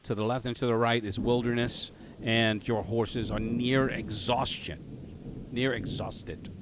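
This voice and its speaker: Game master, male, mid-pitched voice, halting narration full of fillers, light background noise. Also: fairly even intonation. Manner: hesitant, many fillers and self-corrections.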